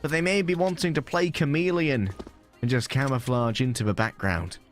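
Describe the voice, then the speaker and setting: Excitable male esports caster. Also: normal speed, faint music behind. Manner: excitable, jokey, swings from low murmurs to high hype calls. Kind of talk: live esports play-by-play commentary.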